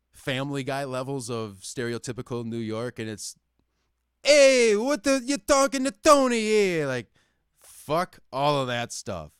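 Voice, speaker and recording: A young man holds forth in loose, profane podcast chat, swearing constantly as he rants. His voice is smooth and resonant, recorded close and dry with no room sound around it. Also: medium pitch, no room sound. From Wisconsin, United States. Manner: profane, ranting, heavy swearing. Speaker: podcast host. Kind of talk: casual chat.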